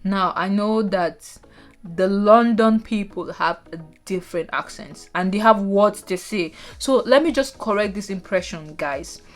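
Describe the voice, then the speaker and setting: A Nigerian woman vlogging casually, chatting to viewers with animated asides. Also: medium pitch, unhurried, soft background music. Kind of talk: casual talking-head vlog.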